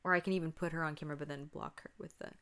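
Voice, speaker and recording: A woman's voice: low voice, fairly even intonation, racing, a bit bright, clean tone. A young woman hosting a casual solo podcast, chatting and telling stories about her childhood, acting out the voices in them. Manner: chatty, laughing, acts out quotes. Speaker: podcast host.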